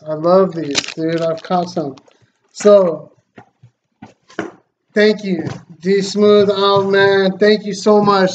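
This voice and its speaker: A man hosting a fishing channel, unboxing gifts in a casual vlog, excited and full of thanks. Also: sits high, slow pace, long pauses. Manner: excited, grateful, exclaiming. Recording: slightly dull lo-fi sound, faint noise.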